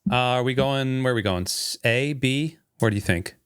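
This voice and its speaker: A man's voice: medium pitch, normal speed, clear, resonant tone, dry recording, studio quality. A man co-hosting a podcast, chatting casually, asking easygoing questions and giving short agreements. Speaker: podcast co-host. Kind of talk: casual chat.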